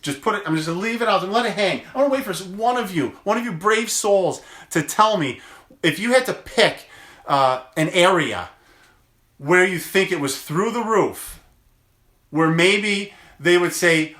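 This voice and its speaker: Man, phone livestream, emphatic, rhetorical questions, forceful tone. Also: high-pitched, expressive, moderate pace. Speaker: chiropractor. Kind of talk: casual livestream talk to viewers.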